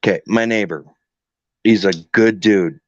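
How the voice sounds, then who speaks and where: A man with a low voice chats as a guest over a muffled, lo-fi online call. He tells stories with energy, slips into the voices of the people he quotes, and swears freely. The sound is dry and close. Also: unhurried, no room sound. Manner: animated storyteller, acts out dialogues, swears freely. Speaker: guest caregiver. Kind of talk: casual chat.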